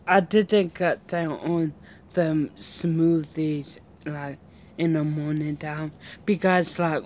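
A woman's voice: low voice, a little hiss or hum. A woman vlogging outdoors at home in a casual, rambling chat full of fillers and restarts.

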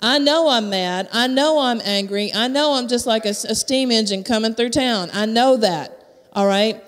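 A woman's voice: a little high, normal speed. A woman preaching a live sermon into a handheld microphone, candid and conversational, with self-mocking humor. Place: church sanctuary at a live service. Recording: long hall reverb from a church.

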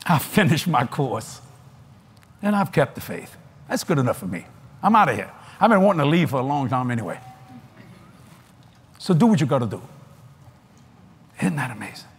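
Older preacher guy, husky voice that jumps all over the place, folksy and laughing. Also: medium pitch, normal speed, pauses often. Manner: animated, laughing, drawling with folksy asides. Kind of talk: sermon. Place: large convention hall.

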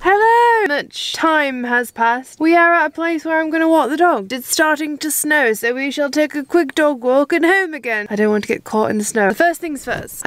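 A woman's voice: fairly high pitch, a bit bright. A woman chatting casually and playfully to her camera as a dog-owning vlogger, swearing often. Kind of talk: casual vlog chat. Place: in a car and outdoors in snow. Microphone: handheld camera.

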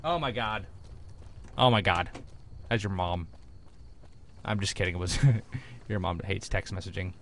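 Excitable young man narrating gameplay. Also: deep voice, a little slow, long pauses, slight background noise. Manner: excitable, jokey, exclaims and rambles. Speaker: gameplay commentator. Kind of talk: let's play commentary.

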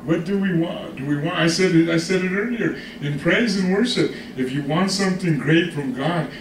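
Male pastor, high voice, animated sermon delivery, recorded from afar in an echoey hall. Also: normal speed, recorded from a distance, a little hiss or hum. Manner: animated, calls for congregation responses. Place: church hall.

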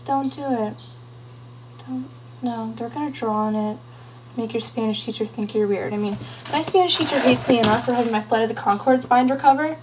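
A teenage girl talks through a casual home vlog in a rambling, chatty way, full of playful asides. Her voice sits a little on the high side, and a faint hum runs underneath. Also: fast. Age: teens. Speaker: vlogger.

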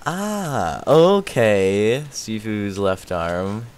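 A young man chatting casually on a live game stream, excitable and laughing often, his voice worn out. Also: on the low side, extremely slow. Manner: excitable, laughs often, yelps and shouts when startled.

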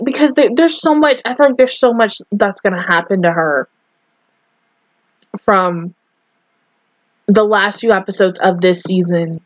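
A woman's voice: medium pitch, no room sound, muffled recording. A woman reacting to an anime episode, emotional and swearing in disbelief as she talks it through.

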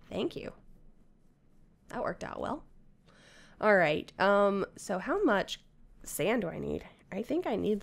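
A woman chats her way through a video game, narrating each step to herself in a casual, running commentary. Her mid-pitched voice carries a gravelly, creaky edge. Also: big pitch swings, takes it slowly, long pauses. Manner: chatty, talks to herself while playing. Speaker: Minecraft player.

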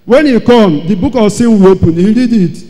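A man giving an emotional church testimony, telling his story dramatically and repeating phrases, his loudness rising and falling. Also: high voice, moderate pace. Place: large church hall. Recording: long hall reverb.

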